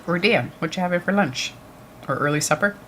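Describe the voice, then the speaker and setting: A man co-hosts a livestream watch party, chatting casually and responding to comments from viewers in the live chat. His voice sits high, his pace is brisk and his tone sharp, with a little hiss or hum in the recording.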